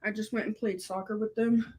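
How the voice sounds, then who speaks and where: A woman's voice: medium pitch, fairly even intonation, a little fast, darkish tone, a little hiss or hum, poor audio. A woman at home with a sore throat, out of breath and tired, speaking from off to the side of the mic.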